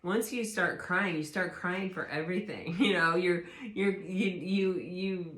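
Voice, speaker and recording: Woman, tarot reader, slightly low voice, loose reflective delivery, room echo. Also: steady tone, measured pace, fairly bright tone. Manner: rambling, reflective, restarts sentences often. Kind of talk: casual spoken tarot reading. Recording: roomy echo.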